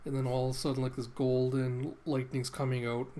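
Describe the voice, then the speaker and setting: A man's voice: medium pitch, little pitch movement, a little fast, dark tone, slight background noise. A man hosting a comic readthrough, retelling the story in a loose, filler-laden way. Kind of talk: casual comic recap.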